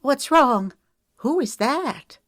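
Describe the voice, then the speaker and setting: Fretful motherly farm wife, voiced by a woman, higher and urgent, dry sound. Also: animated, takes it slowly, no room sound, heavily acted. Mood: anxious.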